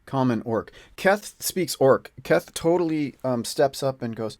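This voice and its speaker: A man's voice: medium pitch, expressive, measured pace, hardly any pauses, darkish tone, dry recording, studio quality. Casual rambling male game master. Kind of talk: narrating a solo tabletop game.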